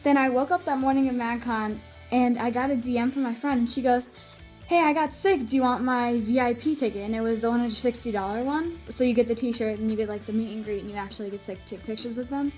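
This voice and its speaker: A woman's voice: a little high, fairly even intonation, quick pace, warm tone, soft background music. A young woman telling a story in a casual vlog, gushing and using many "like"s. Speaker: vlogger.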